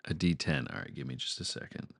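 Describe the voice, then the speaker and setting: A man's voice: a bass voice, fast, a bit bright, no echo, clean studio sound. A man co-hosting a storytelling podcast, brainstorming in casual chat, joking and laughing often, on a home mic over a video call. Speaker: podcast co-host.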